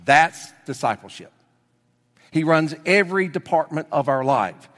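Pastor guy preaching, kinda high voice, big hall echo, gets loud then goes real quiet. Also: measured pace. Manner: animated storytelling, swings between loud excitement and hushed emphasis. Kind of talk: sermon. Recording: long reverb of a large hall.

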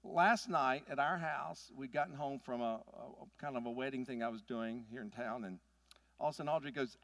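A man, preaching a sermon in an animated, folksy storytelling manner. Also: mid-range voice, fairly quick, creaky, dry recording. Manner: animated, folksy storytelling with big swings in loudness. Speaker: pastor.

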